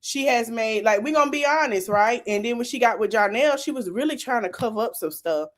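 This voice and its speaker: Lively woman podcaster. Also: a little high, fairly quick. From South Florida. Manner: animated, laughing, slangy and teasing. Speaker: podcast host. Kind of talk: casual commentary.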